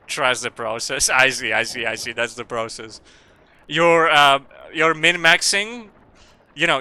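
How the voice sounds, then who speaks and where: A man's voice: mid-range voice, sharp tone, clear, resonant tone. A man streaming a video game, rambling and joking with frequent laughter and swearing. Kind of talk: casual gaming stream commentary.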